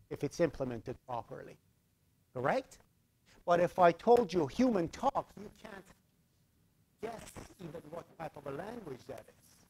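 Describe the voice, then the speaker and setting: Lecturing to a university class, a man with an Iranian accent and a slightly high voice illustrates ideas with everyday examples. He frequently asks whether his students follow.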